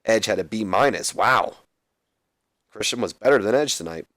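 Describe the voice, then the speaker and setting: Young dude rambling thru his wrestling sim recap, lowish voice, dead dry close mic. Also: expressive, normal speed, a bit bright, no echo. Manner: casual, rambling, reads out scripted lines. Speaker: let's play host.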